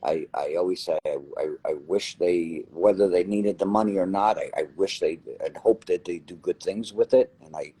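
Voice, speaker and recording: A man from New Jersey with a New Jersey accent, telling his story as an interview guest in an animated way and repeating phrases for emphasis. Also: deep voice, moderate pace, hardly any pauses, breathy edge, low-quality recording. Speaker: lottery winner guest.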